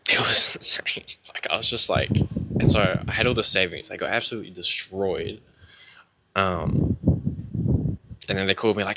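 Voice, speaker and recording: A man's voice: low-pitched, normal speed, very noisy. A young man telling his own story in a casual, rambling way, candid, with lots of fillers and swearing.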